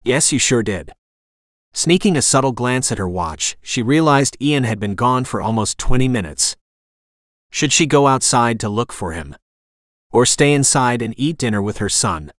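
Steady and even, this man narrates a romantic suspense audiobook from a script, speaking at a medium pitch and normal speed. The sound is clean studio quality and dry.

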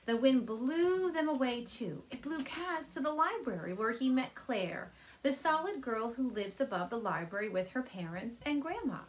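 A woman teacher reading a children's chapter book aloud from her couch at home, speaking gently and warmly to young listeners. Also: high voice, moderate pace. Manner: gentle, animated storyteller addressing kids.

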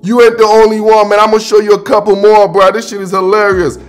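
Hyped high-voiced man breaking down game film. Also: flat delivery, quick pace, soft background music. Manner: hyped, slangy, repeats phrases, calls viewer "dog" and "bro". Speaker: football film breakdown host. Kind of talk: casual commentary over game film.

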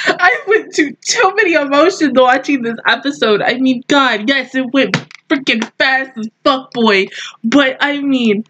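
A young woman hosting an anime reaction review, excitable and swearing, her voice breaking into tearful laughter. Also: sits high, a little slow, lo-fi sound, a little hiss or hum. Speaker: anime reaction channel host.

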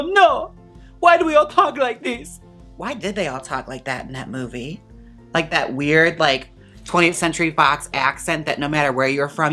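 A man's voice: fairly high pitch, sharp tone. A man hosting a wig-styling video in a playful, campy, chatty way. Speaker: wig stylist and channel host. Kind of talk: casual tutorial chat.

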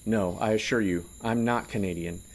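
A terse male general whose voice is said to be robotic, impatient and dry with sarcasm, as a male narrator plays him. He keeps a low, fairly steady tone in this audio drama. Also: moderate pace.

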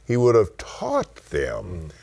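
An older man with a West Texas accent, preaching and teaching in a studio conversation, slow and emphatic, stretching key words and breaking into exclamations of praise. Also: sits low, huge pitch swings, vocal fry, darkish tone, breathy edge. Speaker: television preacher and host.

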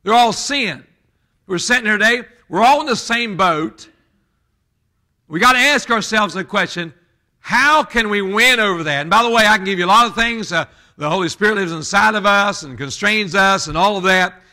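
A man's voice: high-pitched, lively intonation, normal speed, pushed and bright. A male pastor, preaching in a folksy, conversational way with asides to his congregation. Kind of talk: sermon.

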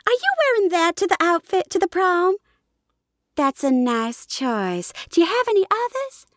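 Brief: woman doing a high, sugary Southern US lady, sweet-talking but cutting. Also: big pitch swings, normal speed, dry recording, clean studio sound. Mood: sugary, catty.

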